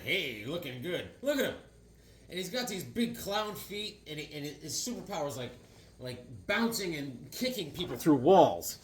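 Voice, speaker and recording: A man's voice: a little high, a bit bright, slight background noise. A man hosting a casual comic-collecting vlog, rambling between a personal story and show-and-tell of old issues. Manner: rambling, chatty, jumps between stories and comics. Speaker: comic book vlogger.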